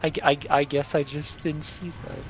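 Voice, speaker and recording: A man's voice: fairly high pitch, little pitch movement, fairly quick, faint music behind. A young man streaming a game, chatting casually in a blunt and opinionated way.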